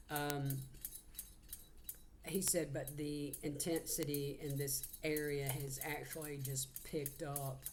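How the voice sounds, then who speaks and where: A woman's voice: low voice, darkish tone, slight background noise. A woman, giving a heartfelt channeled psychic reading. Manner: heartfelt, earnest, relays messages.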